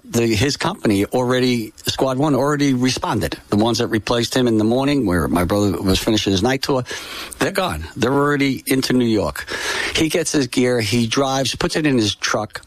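An older man telling a personal story in an interview, halting and emotional, with many fillers and restarts. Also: mid-range voice, dry recording. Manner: emotional, solemn. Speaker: interview guest.

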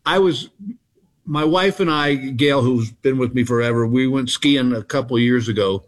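A man's voice: mid-range voice, normal speed. A man, a comedian guest telling rambling, self-mocking stories in a casual interview. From Texas. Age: 60s. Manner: laid-back, self-mocking, rambling anecdotes.

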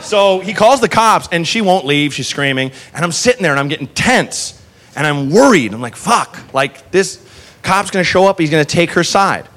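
A man doing stand-up, telling a long story in a profane, animated way and acting out the people in it. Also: a little high, moderate pace. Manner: animated, profane, acts out characters. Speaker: stand-up comedian. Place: comedy club stage. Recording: live stage recording with crowd and noise.

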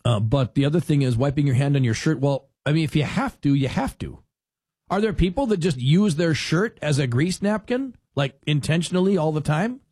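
A rambling, animated male talk host with a fairly high voice, telling stories and acting out quotes. His voice sounds dry and close, with no room around it. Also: a little fast, husky, no echo. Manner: animated storyteller who acts out quotes; rambling with restarts. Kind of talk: casual chatty monologue.

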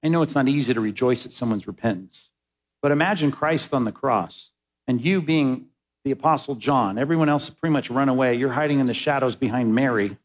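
A man's voice: mid-range voice, low-quality recording. A male pastor giving a sermon, telling a story and rising into emphatic exhortation.

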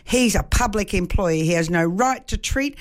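A woman voicing a kindly older male bus passenger who speaks gently and sympathetically. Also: medium pitch, lively intonation, moderate pace, close to an everyday voice. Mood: sympathetic.

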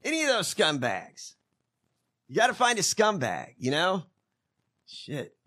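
A man's voice: high-pitched, huge pitch swings, a little slow, pushed and bright. A man co-hosting a casual comedic talk show, sarcastic and profane. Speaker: podcast co-host.

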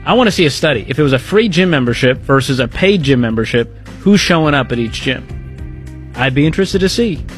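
A man's voice: mid-range voice, lively intonation, fairly quick, faint music behind. A man co-hosting a call-in advice show, chatting casually and upbeat. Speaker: radio co-host. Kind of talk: casual talk-show chat.

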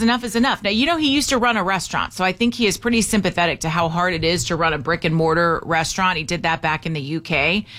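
Bright-voiced woman hosting talk radio. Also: on the low side. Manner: chatty, opinionated, repeats call-in number. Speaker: radio talk show host.

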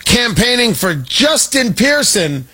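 A man's voice: very high voice, very animated, slow, sharp tone, breathy edge. A man hosting a talk show, delivering a sarcastic, mocking monologue with frequent restarts. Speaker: talk radio host.

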